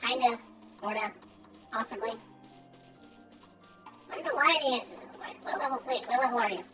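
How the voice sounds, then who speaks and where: A woman's voice: fairly high pitch, moderate pace, bright, forceful tone. A young woman streaming a game, chatting playfully and thinking aloud as she plays. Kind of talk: casual gameplay commentary. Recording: game music behind.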